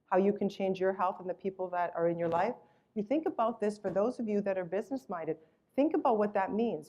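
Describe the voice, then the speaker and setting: Enthusiastic woman giving a sales pitch. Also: a little mellow, highs cut off. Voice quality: acts out voices when retelling a story. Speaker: product presenter. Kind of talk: sales presentation.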